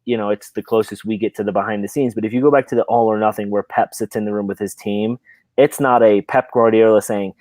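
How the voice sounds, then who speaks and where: A man hosting a casual football podcast, animated, his pitch jumping up when he stresses a point and often repeating words as he thinks. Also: fast, no room sound. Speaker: podcast host. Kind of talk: casual chat.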